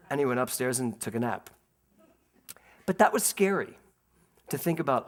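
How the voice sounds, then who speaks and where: Animated male minister telling stories. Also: a little high. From Philadelphia, USA. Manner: animated storyteller, laughs through anecdotes, slows to calm spiritual emphasis. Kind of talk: sermon with personal storytelling.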